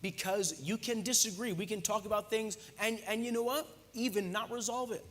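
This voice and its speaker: Man, pastor preaching, fairly high voice, joking conversational delivery, church hall echo. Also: fairly quick, fairly bright tone. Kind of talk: sermon. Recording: echoey church hall reverb.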